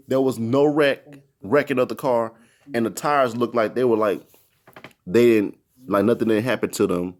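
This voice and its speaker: A man's voice: medium pitch, moderate pace. A man telling a personal story in a casual, rambling, repetitive way. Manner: rambling, repetitive, animated retelling.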